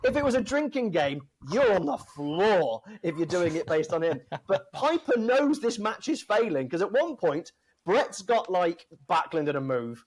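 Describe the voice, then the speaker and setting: A man on a podcast in casual chat, animated and laughing as he acts out quotes. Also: sits high, moderate pace. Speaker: podcast guest.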